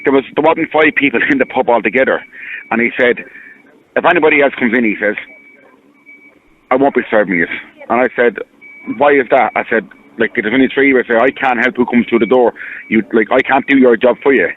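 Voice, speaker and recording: An Irish man speaks fast over a tinny phone line. He rambles, repeats himself and sounds earnest and hurt. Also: mid-range voice. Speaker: caller. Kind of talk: phone-in radio call.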